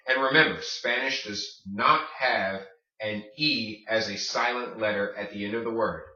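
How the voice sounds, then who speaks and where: Bright man teaching from across an echoey room. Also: lowish voice. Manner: drills words slowly, asks "okay?" often. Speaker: Spanish teacher. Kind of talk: video lesson. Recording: distant, dull, echoey room mic.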